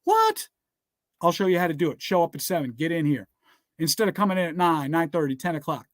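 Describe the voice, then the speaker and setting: A man with a fairly high voice delivers a motivational business talk mixed with scripture in an emphatic, preacher-like way. He keeps asking rhetorical questions and telling listeners to write things down, and his voice sounds close and dry, with no room echo. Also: fast. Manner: repeats rhetorical "guess what?" and "all right?". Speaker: motivational speaker.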